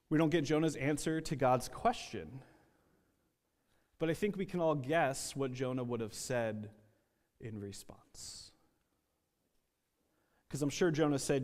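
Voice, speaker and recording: A man's voice: on the high side, a little mellow. A man preaching a sermon, telling a story with acted-out quotes and some repeated words. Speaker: pastor. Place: church sanctuary. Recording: long reverb of a church hall.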